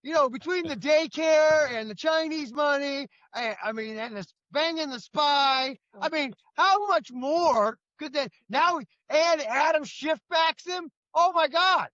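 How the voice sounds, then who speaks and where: A man's voice: extremely high pitch, unhurried, few pauses, a bit bright, no echo, dull audio. A middle-aged man co-hosting a political talk show, ranting in an indignant, emphatic way. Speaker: co-host.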